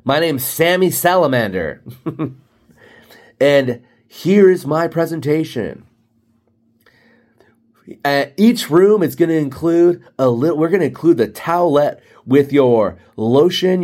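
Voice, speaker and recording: A man's voice: on the high side, lively intonation, takes it slowly, a little mellow, voice pushed up. A man voicing an overeager male salesman who keeps pushing to close the deal. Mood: eager pitch. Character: pushy fast-pitching adult male salesman.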